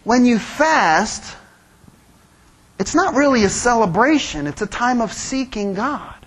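A man preaching a sermon as pastor, animated, acting out quoted voices and making joking asides. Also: very high-pitched, measured pace, slightly rough.

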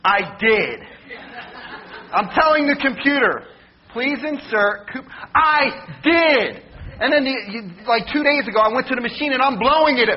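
High voiced guy doing a jokey sermon, lots of mock yelling, kinda muffled recording. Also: normal speed, background noise. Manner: jokey, animated storytelling, mock shouting. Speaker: preacher. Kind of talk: humorous sermon.

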